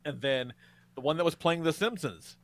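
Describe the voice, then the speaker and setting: Animated high-voiced man telling a story. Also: normal speed. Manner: animated, laughing, profane. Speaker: podcast host. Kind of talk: casual storytelling chat.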